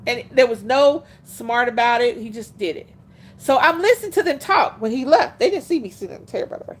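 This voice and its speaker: A woman hosting a livestream, telling stories in a casual, animated way, laughing often and speaking bluntly. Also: a little high, brisk. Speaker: livestream host.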